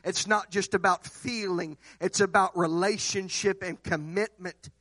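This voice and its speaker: High-voiced impassioned male preacher. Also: fairly even intonation, a little slow, hardly any pauses, no room sound. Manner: impassioned, repetitive cadences building to shouts. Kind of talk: sermon.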